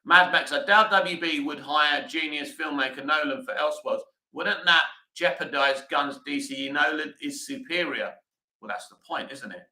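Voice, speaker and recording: A man's voice: on the high side, moderate pace, sharp tone, roomy sound, low-quality recording. A British man hosting a live stream, reading comments aloud and answering them bluntly in casual chat.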